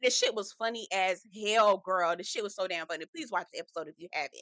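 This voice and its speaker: A woman's voice: medium pitch, fast talker, fairly bright tone, no echo. A woman casually recapping a reality TV episode in a sassy, profane, gossipy way, slipping into impressions of the cast. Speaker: reality TV reviewer.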